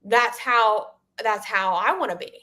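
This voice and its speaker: A young woman co-hosting a live chat show over a video call, chatty, self-deprecating and quick to laugh. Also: medium pitch, bright, forceful tone. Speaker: co-host. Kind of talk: casual live-stream chat.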